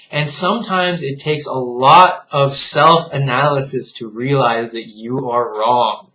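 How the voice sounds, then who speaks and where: An earnest, reflective vlogger lectures his viewers in a casual monologue, appealing to them directly and often, and laughing at things he thinks are foolish. He has a medium-pitched, steady, bright and forceful voice, speaking at a measured pace with hardly any pauses.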